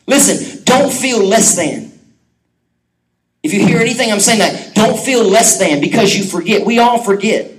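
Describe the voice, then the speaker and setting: A middle-aged man preaching a sermon, animated and joking with quick asides to the congregation. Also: sits high, rough recording. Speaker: pastor.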